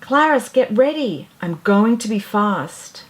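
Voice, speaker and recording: A woman voicing a gentle, polite female songbird in a storybook reading. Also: mid-range voice, sing-song, slow pace, low-quality recording. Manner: polite and grateful.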